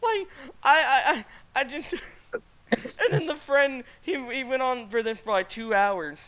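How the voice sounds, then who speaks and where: A man's voice: very high voice, animated, a little slow, fairly bright tone. A man hosting a casual streamed podcast, telling a rambling story with frequent laughter. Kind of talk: casual chat.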